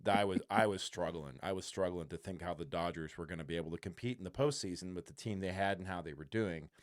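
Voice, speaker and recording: A man co-hosting a casual sports podcast, talking as an earnest, animated fan. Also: sits low, fast talker, no echo, clean studio sound. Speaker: podcast co-host.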